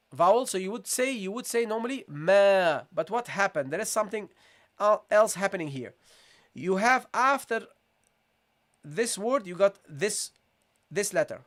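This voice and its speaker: A man with a high, fairly bright voice runs a live online recitation session. He is patient, asking viewers questions more than once and sounding things out slowly for them to follow.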